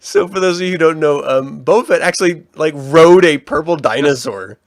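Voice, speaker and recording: A man co-hosting a casual fan podcast, animated and profane, often restarting his sentences. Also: on the high side, brisk, dry recording, clean studio sound. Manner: animated, swearing, trailing restarts. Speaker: podcast co-host.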